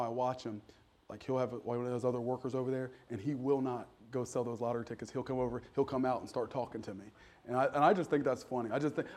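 A male pastor preaching a sermon in a conversational, storytelling way, joking with the congregation and rising to sudden loud, emphatic peaks. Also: mid-range voice. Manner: jokes with the congregation.

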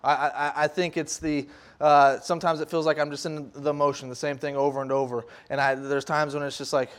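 Here a youth leader preaches in a brisk, slightly high voice, keeping the sermon loose and conversational. He animatedly acts out what scoffers would say, stumbling through fillers and restarts.

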